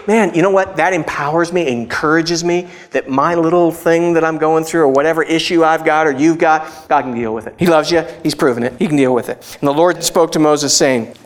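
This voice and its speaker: A middle-aged man preaching a casual, conversational sermon as a pastor, animated and jumping into excited voices when he quotes people. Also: fairly high pitch, fairly quick.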